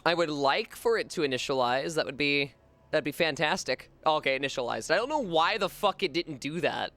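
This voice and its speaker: A man's voice: fairly high pitch, expressive, brisk, a bit bright. A male streamer chatting casually on a live gaming stream, swearing freely and repeating words over and over to test how to say them.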